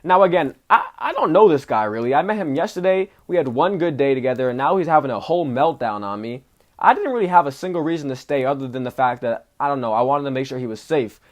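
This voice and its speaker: A young man vlogging, telling a story in a casual, animated way with lots of slang. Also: medium pitch, quick pace. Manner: animated, slangy, says "bro" often. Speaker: travel vlogger.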